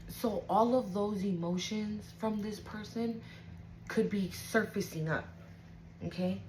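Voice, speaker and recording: Slow, profane woman tarot reader. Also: medium pitch, darkish tone, a little hiss or hum, rough recording. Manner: casual, profane, emotional, keeps asking "right?". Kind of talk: intuitive tarot reading to viewers.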